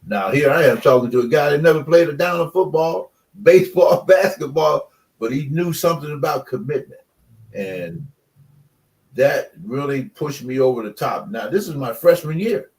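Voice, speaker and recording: A man's voice: on the high side, expressive, normal speed, a little mellow, distant mic. An older man, a former college football player, talking as a radio guest in a rambling, emphatic way with many fillers. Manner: emphatic, passionate about commitment. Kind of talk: casual radio chat.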